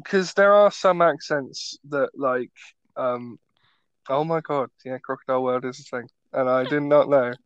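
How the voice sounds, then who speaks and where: A man's voice: mid-range voice, measured pace, clean tone, dull audio. A young man co-hosting a podcast in casual, rambling, jokey chat. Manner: rambling, jokey, lots of fillers. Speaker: podcast co-host.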